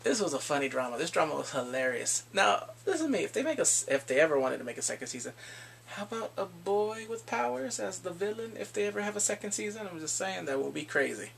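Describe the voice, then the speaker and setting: A man casually recapping a TV drama, animated and laughing often as he acts out lines. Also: high voice, fast, creaky, slight background noise. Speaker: drama review vlogger.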